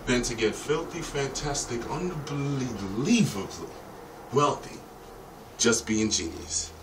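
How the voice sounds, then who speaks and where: A man's voice: mid-range voice, lively intonation, slow. Profane rambling man, distant and echoey. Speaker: vlogger. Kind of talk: rambling vlog monologue. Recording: roomy echo, distant mic, faint ambient noise.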